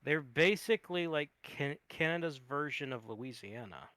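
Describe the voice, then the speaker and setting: A young man co-hosting a podcast in casual chat, animated and jokey. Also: fairly high pitch, moderate pace, no echo. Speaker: podcast co-host.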